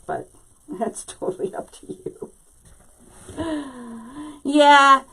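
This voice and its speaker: A woman's voice: medium pitch, a bit bright, poor audio. A woman hosting a live craft tutorial, chatting to her viewers directly and laughing often.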